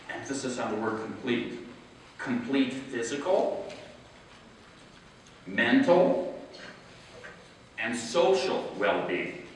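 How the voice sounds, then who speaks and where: A man giving a conference keynote as a public health official, rhetorical and emphatic, often asking the audience "right?" and slowing to stress key words. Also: mid-range voice, bright, forceful tone, slight background noise. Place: large conference hall. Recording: echoey hall, voice from far off.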